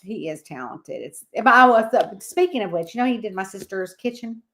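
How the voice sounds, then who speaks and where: A woman's voice: medium pitch, expressive, normal speed, fairly bright tone. A woman hosting a casual livestream, chatting and reading out viewer comments by name. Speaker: livestream host.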